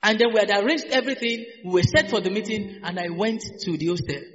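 A man's voice: high-pitched, fast, fairly bright tone. A man preaching a sermon, drilling phrases with call-and-response and having the congregation repeat after him. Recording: dull hall reverb with faint music.

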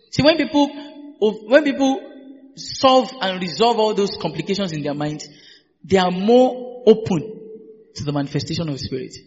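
A man preaching a sermon, exuberant, laughing often and repeating hallelujahs and phrases. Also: sits high. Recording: echoey hall, dull lo-fi sound.

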